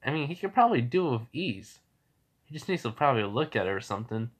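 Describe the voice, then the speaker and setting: A man's voice: mid-range voice, sing-song, fast talker, slightly rough. A man voicing a sweet, kind female fox spirit who talks in a doubtful, teasing way.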